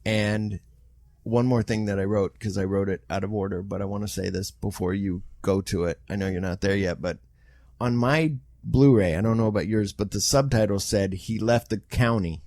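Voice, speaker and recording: A man's voice: on the low side, fairly even intonation, moderate pace, a little mellow, no room sound, clean studio sound. A man guesting on a podcast, chatting casually and agreeably, with a lot of "yeah". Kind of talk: casual chat.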